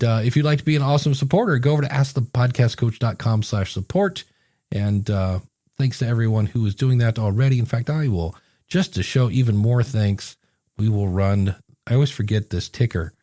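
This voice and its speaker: This man co-hosts a podcast in a loose, rambling way and often slips into other people's voices to make a point. His voice sits at a middle pitch, and it is recorded close and dry with no room sound. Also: dark tone, no echo. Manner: rambling storyteller, acts out quoted voices. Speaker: podcast co-host and coach. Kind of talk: casual podcast chat with sponsor reads.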